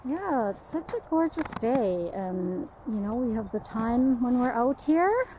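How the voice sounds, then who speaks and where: A woman's voice: unhurried, dull audio, a little hiss or hum. A woman dog sitter talking to the camera on an outdoor trail walk, rambling and chatty. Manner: rambling, chatty, calls dogs in high excited voice. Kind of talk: casual walking vlog.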